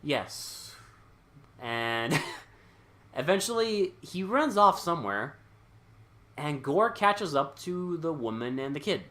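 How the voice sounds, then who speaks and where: A man co-hosting a podcast, retelling a film's plot in casual, profane chat with quick quoted lines. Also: a little high, big pitch swings, bright, forceful tone. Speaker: podcast co-host. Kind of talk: casual movie recap chat.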